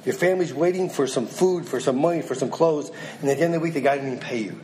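A man delivers a sermon in a slightly raised voice, moving between steady scripture reading and urgent, pressing appeals to his listeners. A faint hiss of background noise sits under the recording. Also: fairly high pitch, fast, rough recording. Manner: reads scripture then exhorts directly, rising and pressing. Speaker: preacher.

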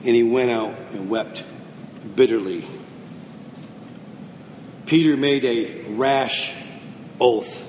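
A man's voice: takes it slowly, long pauses, darkish tone. A man preaching a sermon, asking questions and answering them himself. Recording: roomy hall with long echo, faint rumble.

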